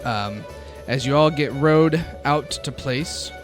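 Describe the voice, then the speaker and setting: A man's voice: mid-range voice, slow. A man narrating and running a tabletop game in a casual, laughing manner. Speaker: game master. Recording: background music. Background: music.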